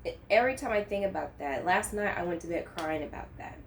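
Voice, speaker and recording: A woman's voice: lowish voice, lively intonation, quick pace, vocal fry, a little hiss or hum. A woman talking earnestly to camera about faith and current events, speaking with passion and building to emphatic peaks. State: choked up. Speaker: Christian vlogger. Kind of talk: unscripted faith talk to camera.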